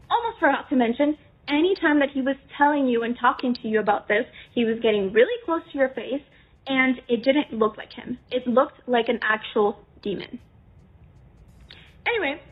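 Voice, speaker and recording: A young woman tells a casual story aloud, walking the listener through it in the second person and slipping into quoted dialogue. Her voice sits high. The sound is narrow and tinny, like a phone recording.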